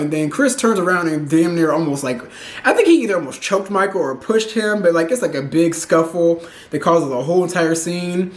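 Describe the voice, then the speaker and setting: A man with a fairly high voice recapping a reality show in a loose, chatty way, full of "like" fillers and blunt opinions. The sound carries a noticeable echo from the room around him. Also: lively intonation, brisk.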